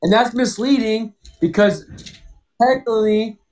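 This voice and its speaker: A man's voice: sits high, a little slow, a little mellow. A man on a casual podcast, teasing the others and jumping in with sports trivia.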